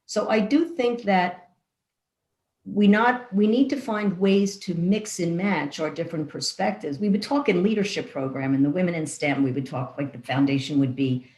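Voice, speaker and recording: A woman's voice: on the low side, a little mellow. Thoughtful woman guest in an echoey room. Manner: thoughtful, measured, builds long lists. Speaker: guest leader. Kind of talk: conversational interview answers.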